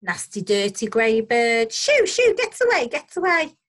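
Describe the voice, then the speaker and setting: A woman's voice: fairly high pitch, huge pitch swings, unhurried. A woman voicing a hostile flock of jackdaws who jeer and shoo away an outsider in a storybook reading. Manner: jeering, shooing, squawky. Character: hostile flock of jackdaws, led by an old one.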